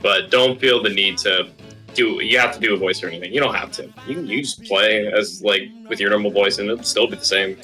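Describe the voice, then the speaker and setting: A man's voice: fairly low pitch, fairly even intonation, fairly quick, bright, forceful tone, soft background music, rough recording. A man serving as game master, chatting casually in a rambling, easygoing way with lots of filler words. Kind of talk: casual table talk.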